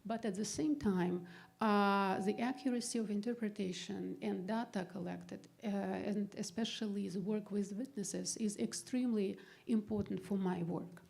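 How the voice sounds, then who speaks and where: A woman scholar talks a panel audience through her ideas, pausing now and then to find the right word. Her voice is gravelly and on the dark side. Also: mid-range voice. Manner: thoughtful, searching for words, with hesitations. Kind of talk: academic presentation. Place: gallery event hall.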